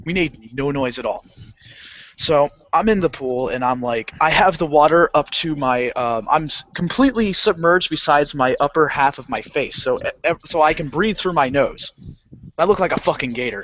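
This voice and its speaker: A man's voice: a little high, normal speed, a little hiss or hum. A man telling a story on a casual podcast, laughing, swearing and acting out the people in it. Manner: animated, swearing, laughing often, acting out voices. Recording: lo-fi dull podcast audio.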